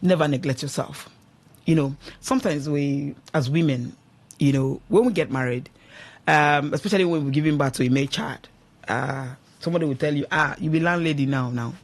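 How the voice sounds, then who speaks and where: Husky Nigerian woman preaching marriage advice. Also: low voice, a little fast. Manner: emphatic, exhorting, keeps asking "do you understand?". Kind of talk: preachy radio advice talk. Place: radio studio.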